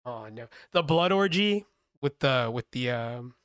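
A man's voice: mid-range voice, lively intonation, a little slow, fairly bright tone, smooth, dry recording, studio quality. A man co-hosting a podcast in casual chat, rambling, swearing and laughing often. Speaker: podcast co-host.

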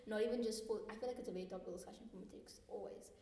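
A woman's voice: medium pitch, steady tone, rapid-fire, mellow. A teenage woman, co-hosting a student podcast in a rambling, casual way. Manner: rambling, full of fillers and restarts. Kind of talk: casual discussion. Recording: echoey room, distant mic, faint noise.

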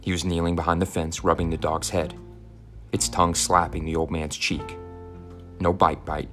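A man who teaches, reading a chapter of a children's novel aloud with a steady storytelling delivery, then chatting casually and haltingly with restarts. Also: low voice, faint music behind. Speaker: teacher and podcast host.

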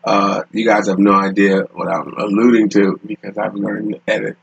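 A man with a low, husky voice hosts his own podcast, spinning a long rambling story full of swearing and laughter. He talks loose and casual, as if to friends, from a room at home. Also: flat delivery, normal speed, muffled recording. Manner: rambling, profane, laughing often. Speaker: podcast host.

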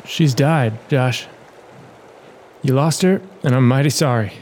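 A man's voice: medium pitch, measured pace, a little mellow, lightly acted. A man voicing a rugged, desperate frontier man who talks in old frontier speech, in a noisy home recording. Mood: urgent pleading.

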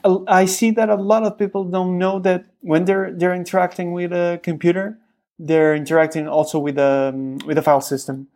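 A podcast co-host in their thirties in casual tech chat, often pausing and repeating words while thinking. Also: mid-range voice, flat delivery, darkish tone. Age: 30s.

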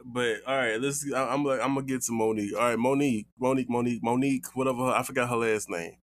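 A man's voice: medium pitch, steady tone, very fast. A man co-hosting a podcast in casual chat, rambling with restarts and comic asides. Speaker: podcast co-host.

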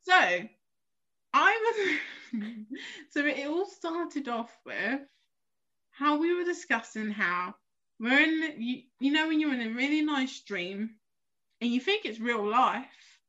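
A young woman from South East London, co-hosting a podcast in casual, lively chat. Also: high voice, slow, pauses often. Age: young adult. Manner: chatty, animated storyteller with frequent laughs. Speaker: podcast co-host. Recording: dull lo-fi recording.

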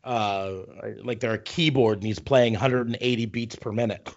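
Brief: swearing, ranting podcast co-host, mid-pitched man, muffled lo-fi audio. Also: fairly even intonation, a little mellow. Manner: profane, ranting, halting restarts. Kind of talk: casual wrestling chat.

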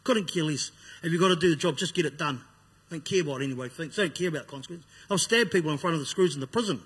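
Husky New man, blunt testimony. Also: fairly high pitch, fast, fairly bright tone. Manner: blunt and raw, acting out his own past words. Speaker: speaker giving a personal testimony. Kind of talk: personal testimony storytelling. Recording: long hall reverb.

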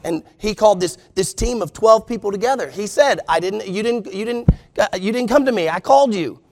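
A man's voice: sits high, fairly quick. A man preaching to his congregation. He is emphatic and keeps turning to the listeners with rhetorical questions. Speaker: pastor. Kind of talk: sermon.

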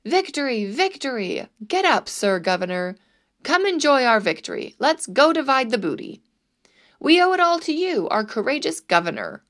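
A woman voicing a rowdy crowd of prankster townsmen, shouting and taunting. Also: high voice, very animated, a little fast, hardly any pauses, pitched above the performer's own voice. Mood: triumphant.

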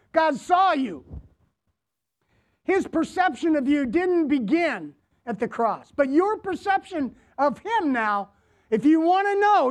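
A man preaching a sermon as pastor to his congregation, deliberate, repeating phrases and asking them questions. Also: very high-pitched, darkish tone. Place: church, before a congregation.

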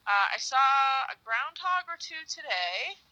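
Bright-voiced woman telling animated travel stories. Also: unhurried, poor audio. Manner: animated storyteller, acts out moments with bursts of high pitch. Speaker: interviewee, cyclist riding across the country. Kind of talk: casual phone-style interview chat.

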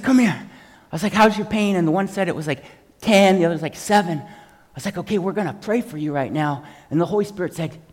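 Preacher guy telling a story from the pulpit, slightly high voice, big hall echo, acts out everyone's lines. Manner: animated storyteller, acts out dialogue, shouts for emphasis. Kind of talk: sermon with personal testimony. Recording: reverberant hall.

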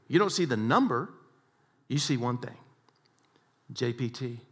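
A man giving an inspirational talk, telling stories in an animated way that swings between hushed and loud. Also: mid-range voice, unhurried, slightly rough. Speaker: speaker.

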